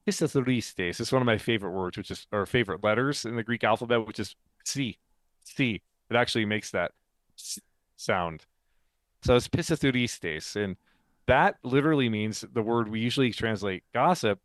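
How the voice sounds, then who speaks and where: A man's voice: fairly low pitch, brisk, no echo. Talkative man teaching in a dry room. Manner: talkative, explanatory, laughs often. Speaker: podcast co-host and author. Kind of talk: casual chat with teaching.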